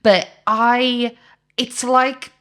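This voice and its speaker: A woman's voice: on the high side, little pitch movement, very slow, a bit bright. A woman with a Welsh accent, co-hosting a podcast in casual chat, telling stories and laughing often. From Wales. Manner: chatty storyteller, laughs often. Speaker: podcast co-host.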